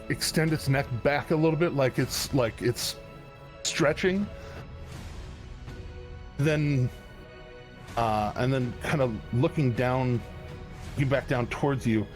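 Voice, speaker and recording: A man narrating as game master of a tabletop game, in a halting way with many restarts. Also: mid-range voice. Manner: halting, full of fillers and restarts.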